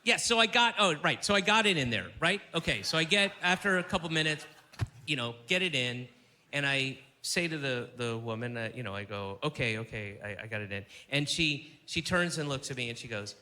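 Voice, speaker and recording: A middle-aged man doing a stand-up comedy set, telling a rambling story with stammers and sudden loud outbursts. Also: fairly high pitch, animated, brisk, a little hiss or hum. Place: comedy stage before a live audience.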